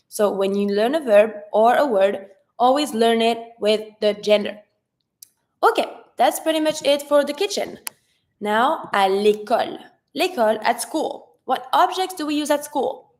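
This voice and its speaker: A woman with a French accent, a native French speaker teaching an online vocabulary lesson and pronouncing words slowly and carefully. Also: fairly high pitch. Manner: slow, careful pronunciation drills, switching between English and French.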